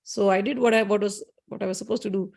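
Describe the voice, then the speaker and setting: A woman voicing an earnest young king who defends himself haltingly before his guru. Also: mid-range voice, fairly even intonation, gravelly, darkish tone, breathy edge. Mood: earnest, defensive. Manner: earnest, stumbling justification.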